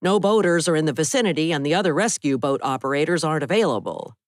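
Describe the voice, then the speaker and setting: A woman's voice: low voice, lively intonation, fast talker, no room sound, studio quality. A woman reading the part of a pressing Coast Guard dispatcher on a phone call in an audiobook. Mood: urgent. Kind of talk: audiobook character voice.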